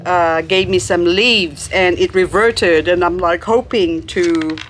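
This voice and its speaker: A woman's voice: on the low side, fairly even intonation, slow pace, slight background noise. A woman hosting a plant haul vlog, chatty and gushing, laughing often as she unwraps her plants. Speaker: succulent channel host.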